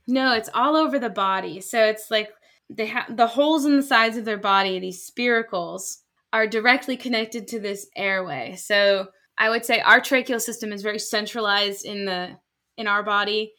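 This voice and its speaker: Bright-voiced animated woman scientist. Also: mid-range voice, normal speed. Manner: animated, acts out quoted voices. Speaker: scientist guest. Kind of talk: casual conversational explanation.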